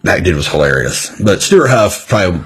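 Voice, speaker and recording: A man, a comedy venue owner telling animated stories in casual podcast chat and swearing freely. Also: low voice, brisk, husky.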